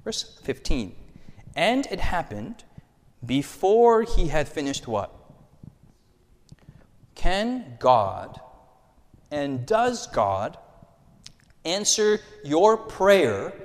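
A male pastor delivers a sermon in an animated, playful way, quizzing the congregation as he goes. His pitch swings widely, rising and falling through each sentence. The sound carries the long reverb of a church hall. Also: extremely slow, long pauses.

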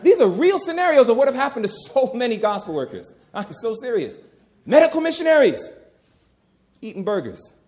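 A man's voice: very high voice, sing-song, a little fast, few pauses, a little mellow. A middle-aged man preaching a sermon, emphatic and folksy, repeating key phrases and talking to the crowd as "y'all".

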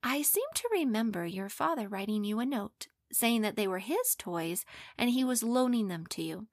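A woman voicing a calm, patient mother in a told story, gentle and matter-of-fact. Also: fairly high pitch, normal speed, dry recording, studio quality.

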